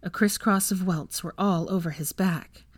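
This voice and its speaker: A woman reading fan fiction aloud as narrator, at an even, steady pace. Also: fairly low pitch, normal speed, husky, no room sound, clean studio sound.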